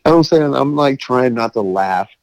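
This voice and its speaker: A man in his late thirties telling a story in casual chat, animated and swearing, acting out quotes. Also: medium pitch, normal speed, dry recording, rough recording. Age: 30s.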